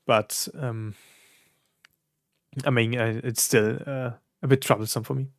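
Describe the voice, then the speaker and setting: A man streaming, reacting to songs in casual, reflective talk with many pauses and fillers. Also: medium pitch, steady tone, no echo, clean studio sound. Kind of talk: casual live-stream commentary.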